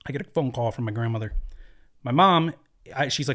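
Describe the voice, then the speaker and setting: A man's voice: mid-range voice, a little fast, a bit bright. A man as a podcast guest in a studio, telling a personal story earnestly, with many fillers and restarts. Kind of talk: candid conversational storytelling.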